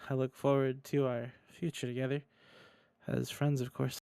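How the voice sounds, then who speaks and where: A man reading as a pompous, awkward online man courting a woman, in a flat deadpan delivery. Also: mid-range voice, moderate pace, gravelly, smooth, no room sound, lightly acted. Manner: deadpan, stiff formal reading.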